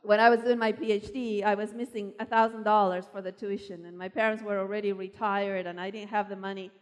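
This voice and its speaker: A woman from Argentina preaching a sermon, telling personal stories with animated emphasis. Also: mid-range voice, a little fast. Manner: animated storyteller, voice rising for emphasis. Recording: long hall reverb.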